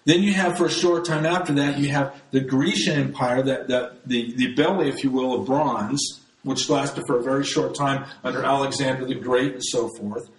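This is a mid-range male voice with fairly even intonation and a moderate pace, preaching conversationally from the Bible to listeners he calls "folks." He restarts often. The sound is echoey and the recording quality is low.

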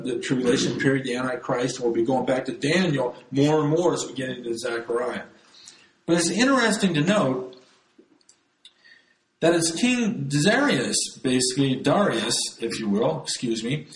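He has a medium-pitched voice and gives a conversational Bible teaching, calling his listeners "folks" and frequently beginning again mid-thought. The audio is poor and reverberant.

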